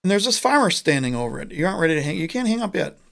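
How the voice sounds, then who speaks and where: A man's voice: sits high, rapid-fire, vocal fry. A man co-hosting a podcast, telling a long joke in casual chat and acting out the characters' lines. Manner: animated storyteller, acts out characters' lines. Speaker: podcast co-host.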